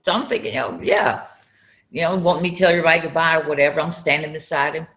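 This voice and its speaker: A woman from North Carolina, telling a personal story in an interview and acting out the dialogue with loud outbursts. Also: low voice, fast. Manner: acts out dialogue with sudden loud raised outbursts. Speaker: interview guest, entrepreneur.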